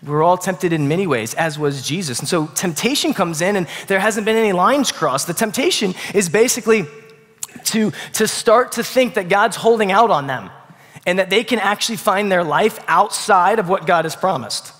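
Male pastor, conversational sermon, loud-to-hushed swings, slightly high voice. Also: animated, moderate pace, big-room sound. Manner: conversational, swings between loud bursts and quiet hushed passages. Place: church sanctuary.

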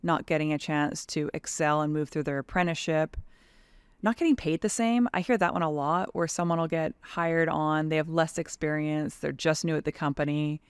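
Frank, animated woman with a gravelly edge. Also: low voice, normal speed, no echo. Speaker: guest, tradeswoman and advocacy leader. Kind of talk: casual podcast conversation.

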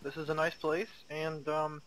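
A man with a fairly high voice rambles on in casual role-play chat. He pads his tall tale with fillers like "uh" and "um." Steady crowd chatter fills the background. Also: normal speed, low-quality recording. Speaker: role-play game player.

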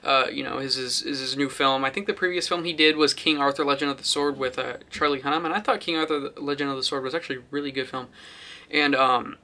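A young man talks through a film review in a loose, rambling way, full of fillers and restarts. His voice is bright and sits at a middle pitch. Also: fairly even intonation, fast. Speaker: movie reviewer. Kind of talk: casual vlog review.

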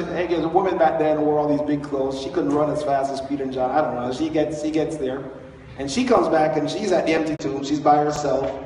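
A man preaching a sermon as pastor, telling the story in an animated, chatty way and chuckling often. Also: fairly high pitch, a little hiss or hum. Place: church sanctuary. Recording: echoey hall, far from the mic.

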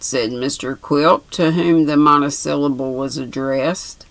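A woman in her sixties calmly reading a novel aloud. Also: low-pitched, dry recording, rough recording. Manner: calm, measured reading. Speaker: reader.

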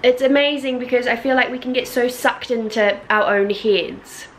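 Casting: chatty young woman, New Zealand accent, casual vlog co-host, quick to exclaim. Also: fairly high pitch, slight background noise, low-quality recording. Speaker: vlogger co-host. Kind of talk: casual chat.

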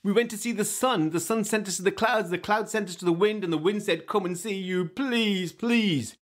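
A man's voice: high-pitched, normal speed, pitched above the performer's own voice, lightly acted. A man voicing tiny pleading mouse parents. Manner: pleading, small and breathless. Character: tired, desperate little mouse parents.

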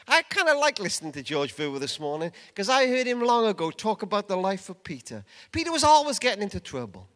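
An older man preaching a sermon at a conference, emphatic, dropping from loud urging to hushed asides. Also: high voice. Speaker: conference speaker. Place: large event hall. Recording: long reverb of a large hall.

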